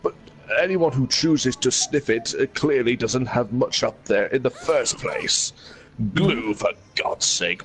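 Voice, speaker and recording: A man voicing a haughty doctor in a comedy skit, speaking in a slow, sneering way. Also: mid-range voice, lightly acted. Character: haughty, contemptuous posh male doctor.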